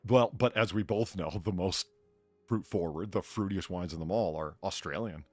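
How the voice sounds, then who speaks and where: Opinionated man, casual talk, reads bits aloud, low voice, faint music behind. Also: normal speed, no room sound. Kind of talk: casual chat on a live stream.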